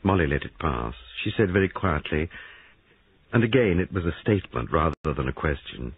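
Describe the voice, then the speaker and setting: A man narrating an audiobook in a measured, expressive way. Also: low voice, vocal fry, breathy edge, dry recording. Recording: dry, tinny phone-like sound.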